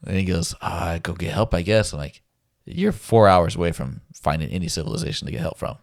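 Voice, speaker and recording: In a casual storytelling mood, a guest recounts a survival story with a very low, gravelly voice at a fairly quick pace. He's laid-back, laughs a lot, and acts out quotes, all captured in a close, dry recording.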